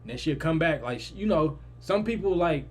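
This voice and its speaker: A young man telling a story in a lively, casual way, jumping to loud, high-pitched quoted lines. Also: fairly quick, husky. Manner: animated, swings loud and high in quoted lines, swears freely. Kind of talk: animated storytelling.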